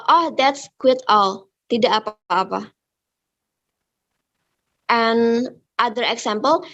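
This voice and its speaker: A young woman with an Indonesian accent giving a student presentation, hesitant and full of fillers, switching between English and Indonesian. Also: a little high. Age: young adult. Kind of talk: classroom presentation.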